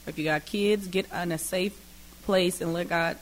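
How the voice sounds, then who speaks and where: A woman's voice: on the low side, normal speed, a little hiss or hum, rough recording. A woman being interviewed on a radio show, who speaks emphatically and animatedly. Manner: animated, emphatic, bursts of excitement. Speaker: guest.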